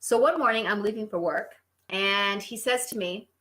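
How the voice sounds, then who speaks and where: A middle-aged woman hosts a casual relationship advice talk, telling stories and tossing in sarcastic asides. Her voice is medium in pitch, bright and forceful, at a normal speed.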